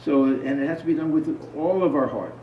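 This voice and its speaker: A slightly high male voice speaks briskly with a faint hiss or hum in the background. He gives a conversational spiritual talk to a small group, telling stories and asking questions of those listening. The audio comes across as dull, distant and roomy.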